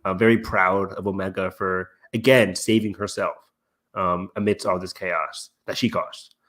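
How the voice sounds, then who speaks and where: A man's voice: deep voice, fairly even intonation, moderate pace, a bit bright. A man hosting a casual fan podcast, rambling with lots of fillers, laughing often and swearing casually. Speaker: podcast host.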